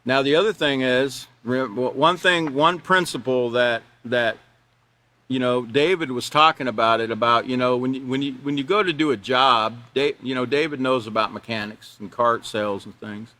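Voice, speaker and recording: A man's voice: mid-range voice, normal speed, pushed and bright. A man leading an online teacher training class, talking loosely with restarts and laughing at his own examples.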